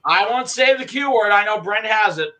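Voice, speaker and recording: A young man co-hosting a casual chat, excitable and quick to shout and swear. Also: sits high, poor audio. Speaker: co-host.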